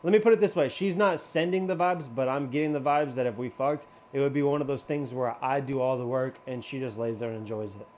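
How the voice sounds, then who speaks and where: A young man spins a crude story among friends, looping back on himself with fillers and false starts. He laughs often as he talks, in a voice of middling pitch. Faint background noise sits under him. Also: fairly quick, few pauses, darkish tone. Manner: rambling, laughs often, lots of fillers and restarts. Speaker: regular in a hangout show.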